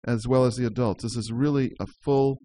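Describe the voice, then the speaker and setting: A man's voice: medium pitch, steady tone, brisk, dark tone, slight background noise. A man hosting a community radio show, talking in a chatty way and laughing easily. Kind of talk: casual community radio chat.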